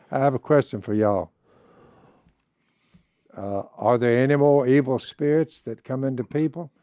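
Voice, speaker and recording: A man hosting a Bible discussion, who reads scripture in a plain, steady way and asks the others questions. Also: medium pitch, normal speed, dry recording, clean studio sound. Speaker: podcast host, father.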